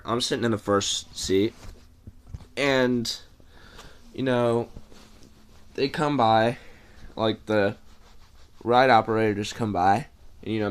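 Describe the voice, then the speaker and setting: Young man, low-pitched, for a casual rambling storytime vlog with fillers and cursing. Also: steady tone, slow pace, long pauses, smooth.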